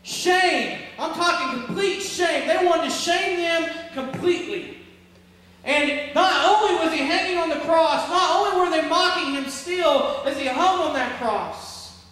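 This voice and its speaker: A man preaching a sermon to his church, emphatic and full of rhetorical questions, swinging between loud peaks and hushed stretches. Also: extremely high pitch, measured pace. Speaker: pastor. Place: church sanctuary. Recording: echoey hall from far off, faint noise.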